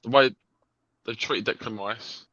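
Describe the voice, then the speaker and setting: A man's voice: medium pitch, a little slow, lo-fi sound, crowd noise. A man on a chat panel, talking frankly and heatedly and swearing freely. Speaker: panel guest. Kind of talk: casual chat.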